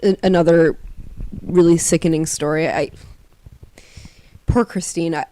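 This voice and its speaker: A woman's voice: lowish voice, fairly even intonation, measured pace, mellow. A woman co-hosting an interview podcast, speaking earnestly and reacting openly with disgust at what she hears. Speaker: podcast co-host.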